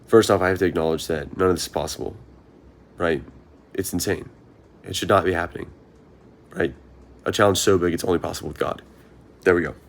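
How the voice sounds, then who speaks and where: Young man, low voice, earnest, rambling, self-questioning vlog monologue. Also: steady tone, a little fast, gravelly. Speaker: marathon runner vlogger.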